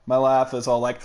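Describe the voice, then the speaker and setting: A woman's voice: deep voice, very noisy. Giggly woman reading a game aloud. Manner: giggly, self-deprecating, chatty. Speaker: host reading game dialogue. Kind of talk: casual let's play voice reading.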